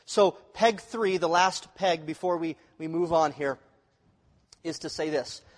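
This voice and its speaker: A pastor giving a sermon in a conversational way, asking the congregation questions. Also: male voice, a little high, big-room sound.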